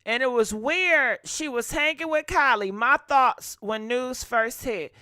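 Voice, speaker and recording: Sassy high-voiced woman gossip host. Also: a little slow, few pauses, pushed and bright, no echo, clean studio sound. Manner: sassy, opinionated, talks straight to viewers. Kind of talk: casual gossip commentary.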